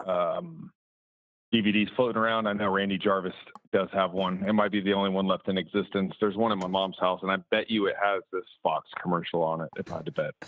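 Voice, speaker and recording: A man's voice: low voice, fairly even intonation, brisk, narrow, tinny audio, slight background noise. A man from the American South chatting casually on a podcast, with many fillers and restarts as he rambles through stories. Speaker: remote guest, motocross videographer.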